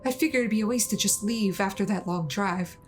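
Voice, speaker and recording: Woman reading a polite, measured lady client from a visual novel, close to her own voice, music faint behind. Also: mid-range voice, lightly acted.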